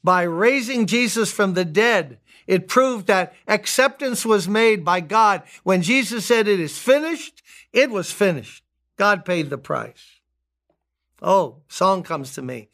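Older man, pastor, sermon, high voice, unhurried, emphatic, repetitive. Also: animated, fairly bright tone. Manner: emphatic, repeats key words, rising to high pitch on appeals.

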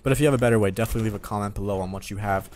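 A man in his twenties hosting casual gameplay commentary, chatty and rambling, with a voice starting to go hoarse. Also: fairly low pitch, racing, a little mellow, a little hiss or hum. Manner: chatty, rambling, talks straight to viewers. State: voice going hoarse. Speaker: gaming channel host.

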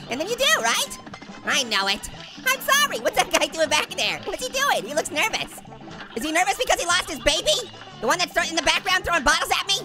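Super high squeaky sped-up orange fruit, giggly and punny, voice bouncing everywhere. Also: male voice, sing-song, normal speed. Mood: giggly, teasing. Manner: giggly, punning, goofy taunts. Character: hyper, wisecracking talking orange fruit. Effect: sped-up high pitch-shifted voice. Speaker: game commentator. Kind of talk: let's play commentary. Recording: loud game music underneath. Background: game music.

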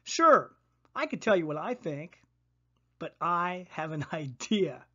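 A woman's voice: on the low side, big pitch swings, slow pace, bright, forceful tone, highs cut off, full character voice. A storyteller voicing an enthusiastic, encouraging female schoolteacher in a storybook reading.

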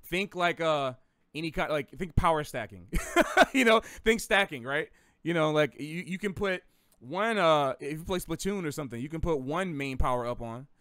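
Man, American South, slight Southern accent, slightly raised pitch, dry close sound, casual rambling jazz teacher. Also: animated, moderate pace, fairly bright tone, no room sound. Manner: rambling, self-correcting, chatty with gaming analogies. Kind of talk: casual livestream lesson.

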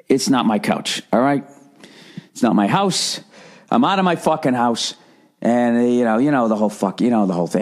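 A man's voice: mid-range voice, animated, a little fast. Profane, sarcastic American man ranting. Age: middle-aged. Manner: profane, sarcastic ranting with mocking sung bits. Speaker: podcast host. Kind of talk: rambling solo podcast monologue.

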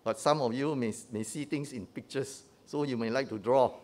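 A man's voice: medium pitch, moderate pace, a little mellow. A man teaching a sermon in a conversational way, often checking in with the congregation with "huh?" and "right?" and restarting his phrases. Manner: often restarts and repeats words.

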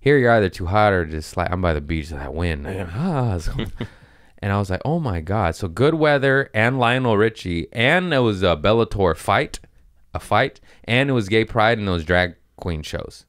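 Low, smooth-voiced profane comedian. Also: male voice, moderate pace, no room sound, studio quality. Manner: animated, profane, laughs often, acts out his own quotes. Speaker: comedian telling stories on his podcast. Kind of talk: casual storytelling chat.

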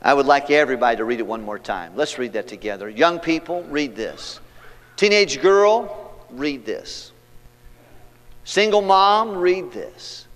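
A man preaching a sermon as pastor, reading scripture aloud and leading the congregation, moving between loud preaching and hushed passages. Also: medium pitch, animated, measured pace. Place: church sanctuary. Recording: long hall reverb, church sanctuary.

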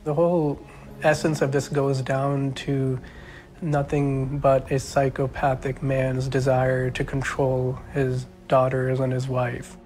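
A man's voice: mid-range voice, completely flat delivery, takes it slowly, a little mellow. A man who knew the family, speaking indignantly and emotionally in a documentary interview. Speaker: family friend.

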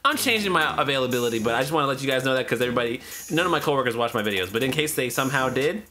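A man giving casual commentary over a video game, excitable and profane, with sudden shouted outbursts. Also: medium pitch, very fast. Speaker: gaming YouTuber. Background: game music and horse hooves.

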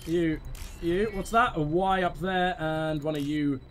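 A man commentating his own gameplay, excitable, swearing freely and giving orders to his teammates. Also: a little high, a little slow, soft background music. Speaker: let's play host.

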